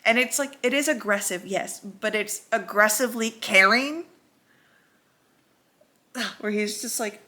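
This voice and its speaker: A woman's voice: mid-range voice, measured pace, pauses often, bright, forceful tone. A young woman vlogger casually rambling about a book she loves, swearing and acting out quotes. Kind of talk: casual chatty book review.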